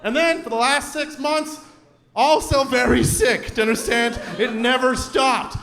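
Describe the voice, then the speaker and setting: A man with a Canadian accent doing a stand-up comedy set, acting out characters with shouting bits. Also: very high-pitched, a little slow. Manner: animated, acts out shouting characters. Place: theater stage before a live audience. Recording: roomy venue with loud crowd laughter.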